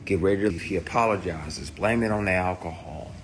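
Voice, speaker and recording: A low-voiced man tells the camera a personal story, speaking a little fast with some background noise behind him. He's profane and angry, describing events bluntly and raising his voice when quoting others.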